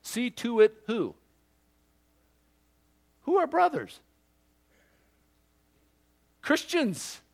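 A male pastor preaching a sermon emphatically, swinging from loud declarations to hushed asides and acting out imagined listeners. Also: extremely high pitch, huge pitch swings, drawn-out words, vocal fry, long pauses.

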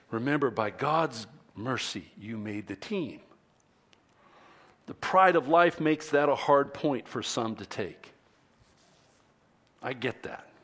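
A pastor preaching a sermon in a conversational way, often restarting his sentences and acting out what his listeners might think. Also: medium pitch.

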